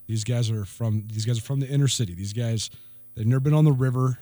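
A man co-hosting talk radio, telling a story in a relaxed, lively way. His voice sits in the middle range. The studio sound is dry, with no echo. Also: mid-range voice, fast. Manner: laughing, lively anecdote telling with quoted voices. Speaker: radio co-host. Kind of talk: casual storytelling chat. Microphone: studio microphone.

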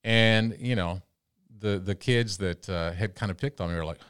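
Speaking at normal speed in a clear, resonant, low voice, a middle-aged interview guest and radio broadcaster from around Amarillo in the Texas panhandle shares casual, animated stories full of quoted dialogue he acts out, frequently restarting phrases. A dry studio mic captures him up close with no room sound.

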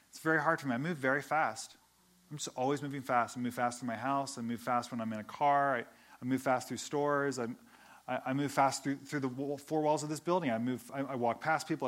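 A man's voice: mid-range voice, a bit bright. A man, a pastor, giving a conversational, earnest sermon, often restarting and repeating words as he speaks.

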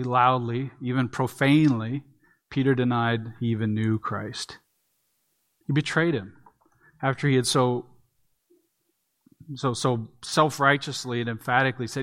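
A man's voice: medium pitch, fairly bright tone. Man preaching an earnest sermon. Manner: earnest expository preaching with emphatic repeats. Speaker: pastor.

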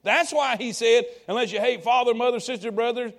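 Male preacher, high tenor voice, calls out to the congregation, drops low then rises loud. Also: fairly even intonation, fairly quick, hardly any pauses. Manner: call-and-response preaching to congregation. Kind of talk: sermon.

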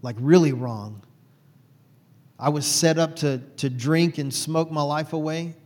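Man from Texas, earnest testimony, higher-pitched voice, heartfelt guest storytelling. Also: measured pace, darkish tone, big-room sound. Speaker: guest sharing his faith story.

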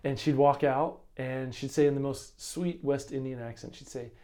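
A man with a warm, mellow voice co-hosts a casual Bible lesson talk. He tells his stories with enthusiasm, stumbling and restarting as he goes. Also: medium pitch, fairly even intonation, normal speed. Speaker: co-host of a Bible lesson commentary. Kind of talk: casual religious discussion.

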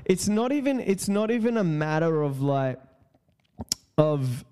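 Man, podcast host, slow talker, dark tone, rambling, profane. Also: on the high side, clean tone. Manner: rambling, profane, repeats words. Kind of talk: casual solo podcast rant.

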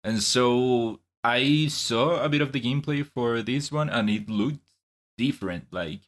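A man's voice: mid-range voice, a little slow. A man co-hosting a video game podcast, talking casually in a thoughtful, somewhat hesitant way. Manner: thoughtful, hesitant, self-correcting. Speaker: podcast co-host. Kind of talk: casual chat.

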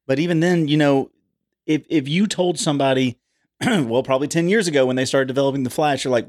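A man's voice: medium pitch, brisk, darkish tone. Rambling man in casual podcast chat. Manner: rambling, with many restarts and throat-clearing. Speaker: podcast co-host.

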